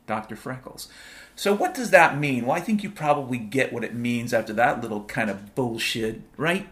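A man's voice: medium pitch, lively intonation, moderate pace. A man delivering a rambling, playful monologue as a host, full of wordplay and repetition, swearing freely. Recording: piano music playing behind.

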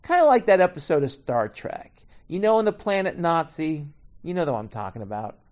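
Profane, animated ranting man. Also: on the high side, brisk. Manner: profane, rambling, sarcastic. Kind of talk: profane comedic rant.

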